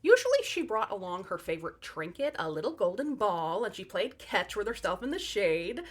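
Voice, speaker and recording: A woman's voice: medium pitch, big pitch swings, normal speed. A woman telling fairy tales in a comic narration, with sarcastic, wry asides to the audience. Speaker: storyteller.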